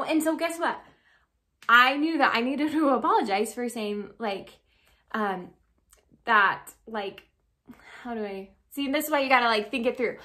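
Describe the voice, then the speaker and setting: A woman's voice: fairly high pitch, pushed and bright. A young adult woman giving relationship advice as a dating coach. She talks in a chatty, earnest way, full of casual filler words.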